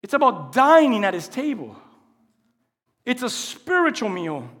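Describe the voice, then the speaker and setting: High-voiced pastor preaching in a reverberant hall. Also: male voice, big pitch swings, a little slow. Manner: asks the congregation call-and-response questions; swings between quiet teaching and loud impassioned preaching. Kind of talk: sermon.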